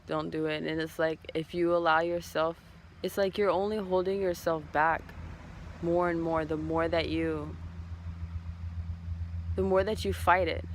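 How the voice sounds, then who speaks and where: Man, tarot reader, casual spiritual vlog, high pitch, gravelly fry, rambling, heartfelt. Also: fairly even intonation, unhurried, pauses often, slight background noise.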